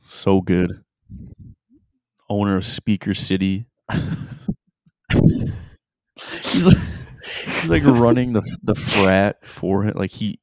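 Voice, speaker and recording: A man's voice: low-pitched, vocal fry, darkish tone. A young man co-hosting a casual podcast, laid back and laughing often, giving sports betting picks. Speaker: podcast co-host. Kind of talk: casual chat.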